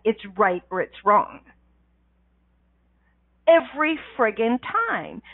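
A woman's voice: high voice, no echo. A woman hosting a call-in radio show as a life coach, talking with lots of energy, laughing often and using slangy, emphatic phrasing. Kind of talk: animated call-in radio talk. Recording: tinny phone line.

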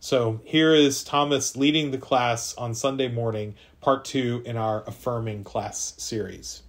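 A man's voice: mid-range voice, fairly even intonation, unhurried. Man reading a church class introduction. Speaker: church leader introducing the speaker. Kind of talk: read introduction.

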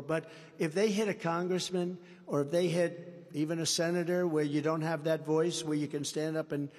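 A man giving a campaign rally speech in a large indoor venue. He rambles and repeats himself for emphasis, swinging from shouted lines to low asides. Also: fairly even intonation, moderate pace. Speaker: political candidate. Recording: reverberant hall, faint background noise.

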